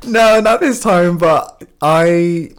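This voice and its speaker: A man's voice: sits high, smooth. Gushing young man raving about songs. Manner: enthusiastic, gushing, quick to laugh. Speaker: podcast co-host. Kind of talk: casual music chat.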